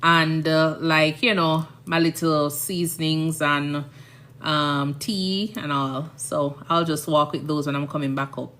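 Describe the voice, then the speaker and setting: A nurse in her thirties with a Jamaican accent chats casually on a live stream, rambling and often asking "you understand?". Her voice is low and fairly bright, with fairly even intonation and a slightly slow pace.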